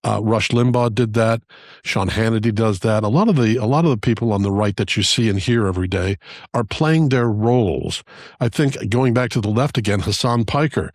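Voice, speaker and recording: A man with a fairly low voice argues his points plainly and skeptically in a casual political chat. The sound is close and dry, with no room around it. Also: a little fast, dry recording. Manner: direct, skeptical pushback. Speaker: podcast co-host.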